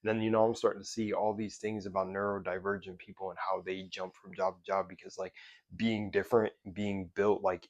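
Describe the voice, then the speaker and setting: A man's voice: sits low, gravelly, no room sound. A man vlogger giving casual motivational talk, loose and profane, rambling with restarts as if chatting with a friend. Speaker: self-development vlogger.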